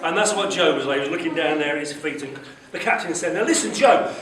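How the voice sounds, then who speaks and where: A man telling a Bible story to schoolchildren in an animated way, often asking them questions. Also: fairly high pitch, quick pace, crowd noise. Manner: animated, asks the children questions. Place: school hall. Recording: echoey hall from far off, faint noise.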